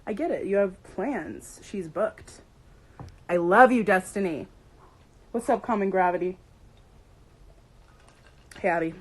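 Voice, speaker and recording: A woman's voice: medium pitch, measured pace, pauses often, darkish tone, husky, poor audio. A young woman hosting a casual livestream, bubbly and playful, greeting viewers by name. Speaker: livestream host.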